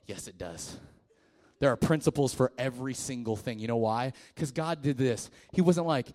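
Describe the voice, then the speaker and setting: A young man preaching a lively, jokey sermon, acting out listeners' voices and swinging between loud calls and hushed asides. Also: mid-range voice, brisk. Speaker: pastor. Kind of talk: energetic youth sermon.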